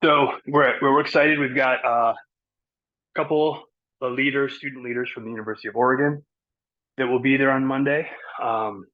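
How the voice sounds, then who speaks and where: A man's voice: mid-range voice, fairly even intonation, fairly quick. Breathless man on a muffled video call. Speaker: event organizer. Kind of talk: casual meeting update. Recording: dull lo-fi call audio.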